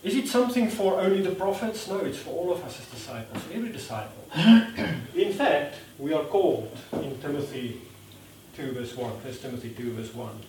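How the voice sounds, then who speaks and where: Male preacher, conversational and self-deprecating, lively delivery; distant mic, echoey hall. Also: fairly high pitch, fairly quick, slight background noise. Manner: conversational, acts out quotes with lively voices; self-deprecating, laughs at himself. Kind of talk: sermon. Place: church hall.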